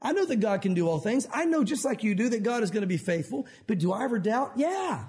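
A man pastor preaching an animated sermon in a church, acting out quotes from scripture. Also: high-pitched, fast talker.

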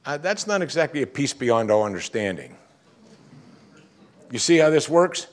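Animated middle-aged male preacher. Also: medium pitch, moderate pace, pauses often. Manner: animated preaching, swinging between emphatic and hushed. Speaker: pastor. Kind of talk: sermon.

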